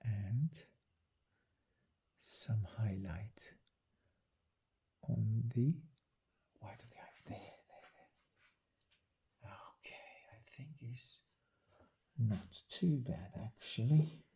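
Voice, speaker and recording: A man's voice: on the low side, expressive, drawn-out words, vocal fry, long pauses, warm tone, breathy edge. A man narrating his drawing as he works, muttering and half-whispering his steps. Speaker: artist demonstrating drawing.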